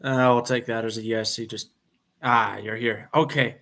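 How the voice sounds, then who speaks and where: A man's voice: mid-range voice, steady tone, moderate pace, creaky, fairly bright tone. A man hosting a livestream in casual chat from his kitchen, rambling and apologetic, laughing often while he washes dishes. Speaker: livestream host. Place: home kitchen, washing dishes.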